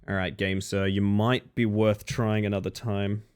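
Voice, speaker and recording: A man's voice: on the low side, little pitch movement, measured pace, clear, resonant tone. A man live-streaming a game, chatting casually and dryly to his viewers with self-mocking asides. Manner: dry, self-mocking, talks to chat.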